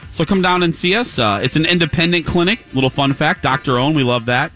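Quick and on the high side, this man's voice carries a morning radio show broadcast live from a clinic, with faint music in the background. He spins a long, casual anecdote and animatedly acts out each person's voice.

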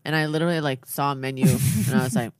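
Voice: medium pitch, fast talker, clear, resonant tone, dry recording. Chatty storyteller acting out dialogue, dry close mic. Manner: animated storytelling, quotes dialogue in voices. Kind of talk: casual comedic chat.

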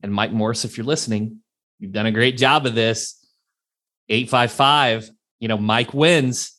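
A man hosting a podcast, chatting and telling stories in an animated way. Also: mid-range voice, measured pace. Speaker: podcast host; CEO, business owner. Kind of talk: conversational podcast interview.

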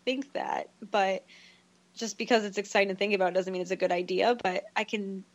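A woman's voice: medium pitch, steady tone, brisk. A woman co-hosting a casual sports podcast, frank and opinionated, with hesitant restarts. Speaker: podcast co-host.

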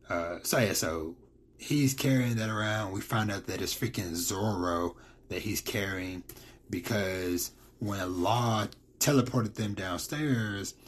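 Deep-voiced rambling man recapping manga. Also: a bit bright, a little hiss or hum. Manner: rambling, lots of fillers and quoted lines. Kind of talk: casual chapter recap.

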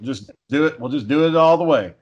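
Guy shooting the breeze, laid-back, cussing, a bit higher voice. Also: fairly quick, a little mellow, dull audio. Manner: laid-back storyteller, swears a lot, chuckles. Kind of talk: casual chat.

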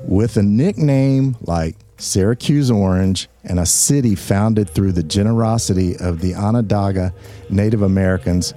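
A man's voice: fairly low pitch, moderate pace, dark tone, faint music behind. A man hosting a chatty talk, explaining a bit of history with jokes and asides. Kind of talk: casual storytelling chat.

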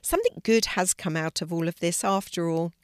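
Lazy easygoing kid in a story, older lady doing the voice, loud, lowish voice. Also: big pitch swings, brisk, no room sound, clean studio sound. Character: lazy, easygoing young schoolgirl. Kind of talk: storybook reading.

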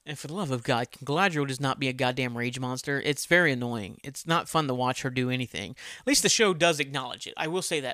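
A man talking alone on his podcast, drifting from one thought to the next and swearing all the way. His voice has a bright, forward edge at a middle pitch. The sound is dry and close, with no room around it. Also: no room sound. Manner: rambling, profane, self-deprecating. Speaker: podcast host. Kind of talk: casual solo podcast chat.

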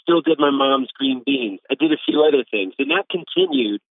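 A man's voice: medium pitch, animated, moderate pace, no echo. Man talking over a tinny phone line. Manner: loose storytelling, acts out quotes, says "like" a lot. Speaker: food editor and restaurateur, guest. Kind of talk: casual phone interview. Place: home in Texas.

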